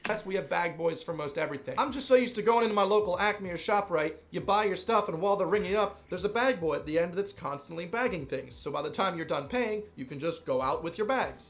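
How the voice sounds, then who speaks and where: Animated high-voiced young man. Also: quick pace, hardly any pauses. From United States. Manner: animated, playfully exasperated storytelling. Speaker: vlogger. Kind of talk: casual commentary.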